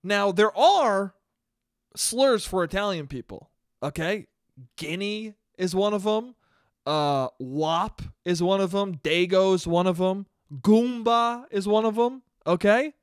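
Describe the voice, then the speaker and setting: A young man hosting a solo comedy podcast, talking in a profane, animated rant and laughing at his own jokes. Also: high voice, takes it slowly, clean tone, no echo, clean studio sound. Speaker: podcast host.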